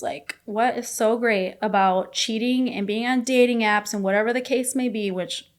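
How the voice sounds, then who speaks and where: A woman's voice: a little high, steady tone. Candid young woman telling her story. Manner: rapid, emotional retelling with many fillers and quoted dialogue. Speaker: podcast guest.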